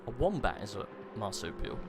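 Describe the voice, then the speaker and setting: Commentating an online sim race live, a man calls positions and banters playfully with his co-host, rambling with plenty of fillers. His voice is fairly low with big pitch swings and a fairly quick pace, heard over a noisy background and a music bed.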